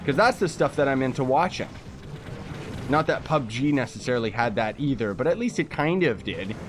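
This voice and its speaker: A man's voice: mid-range voice, animated, fairly quick, noisy background. A young man from Canada chatting casually while livestreaming a game, reading chat messages aloud and making jokey asides. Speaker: livestreaming gamer.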